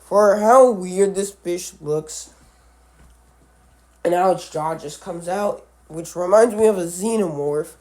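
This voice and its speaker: Man, under the weather, unhurried and warm-toned, stumbles over names in a casual read-along. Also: sits high. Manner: halting, self-correcting, stumbles over names. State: sick, voice a little off. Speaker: animal video creator.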